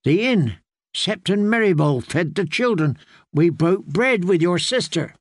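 A man's voice: high voice, lively intonation, a little slow, dry recording, clean studio sound, voice pushed up, exaggerated voice. A man voicing a wounded, feverish young woman knight who pleads breathlessly in an audiobook. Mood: desperate. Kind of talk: audiobook character voice.

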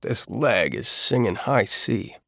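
A man's voice: on the low side, expressive, takes it slowly, gravelly, fairly bright tone, no echo, clean studio sound, exaggerated voice. A man voicing a grouchy older man in an audiobook, curt and wry. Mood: gruff, wry. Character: grouchy old man, gruff and dry.

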